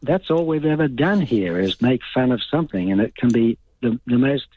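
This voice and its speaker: A man's voice: mid-range voice, expressive, moderate pace, no echo. Blunt older Australian man on a phone line. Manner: blunt, opinionated, rambling. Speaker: caller. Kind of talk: talkback radio call.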